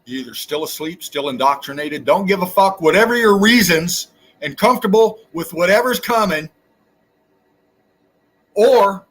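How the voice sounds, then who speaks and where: A man's voice: high voice, lively intonation, normal speed, a bit bright, breathy edge. A man hosting his own channel, delivering an angry, profane, preachy rant straight at his viewers. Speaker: channel host. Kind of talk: angry ranting monologue.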